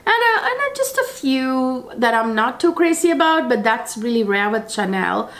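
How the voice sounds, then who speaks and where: A middle-aged woman, hoarse from a cold and husky-voiced, chatting casually to her viewers as a beauty vlogger, rambling with lots of fillers. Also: a little high, very animated, normal speed, a bit bright. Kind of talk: casual chat to camera.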